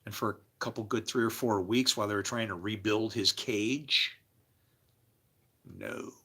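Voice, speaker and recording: A man livestreaming, telling rambling personal stories in a loose, animated way, laughing and swearing freely as he jumps between tangents. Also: on the low side, measured pace, slightly rough. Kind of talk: casual rambling storytelling.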